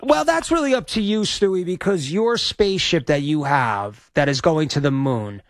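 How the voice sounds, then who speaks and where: A man's voice: a little high, lively intonation, normal speed, no echo. A man hosting a sports radio show, talking in a rambling, chatty, self-deprecating way into a studio microphone. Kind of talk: casual radio chat.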